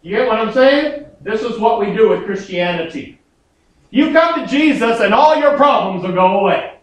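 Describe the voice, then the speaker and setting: Middle-aged male pastor with a very high voice, folksy sermon delivery that acts out quotes, heard from far off in a very echoey church. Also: expressive, moderate pace, dull audio. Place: church sanctuary.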